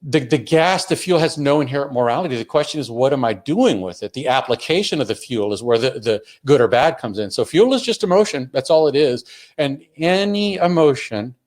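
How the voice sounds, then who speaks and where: A man's voice: medium pitch, lively intonation, fairly quick, darkish tone. Earnest man giving a teaching talk. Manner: earnest, explains step by step with frequent restarts. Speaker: webinar presenter on emotional learning. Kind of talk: instructional talk.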